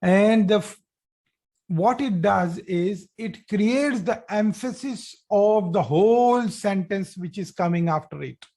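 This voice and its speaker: A man with a high but dark-toned voice teaches an online grammar class. He explains slowly and unhurriedly, repeating key points and often checking in with "okay?"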